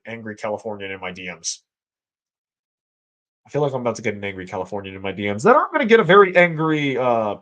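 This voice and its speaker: A man's voice: medium pitch, a bit bright, rough recording. A young man from the United States hosting a livestream, rambling casually, swearing and bantering with his chat. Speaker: streamer host.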